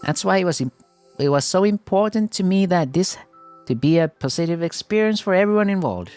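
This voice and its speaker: A man reads out a teenage girl who leads the school festival club, earnest and driven. The line swings up and down as it goes, while soft music plays under the game story reading. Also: high-pitched, lively intonation, a little fast.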